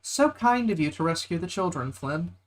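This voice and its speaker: A man's voice: high-pitched, expressive, normal speed. A man streaming a game, commenting in a casual, joking, chatty way and talking to his viewers.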